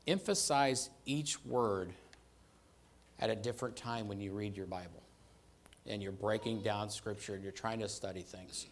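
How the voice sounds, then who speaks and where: A man with a fairly low voice delivers a sermon, leaning hard on key phrases and repeating them for weight. He keeps it conversational, checking in with his listeners as he goes. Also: moderate pace, slight background noise. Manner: emphatic, repeats phrases for stress; conversational, asks "right?" and "okay?". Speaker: preacher.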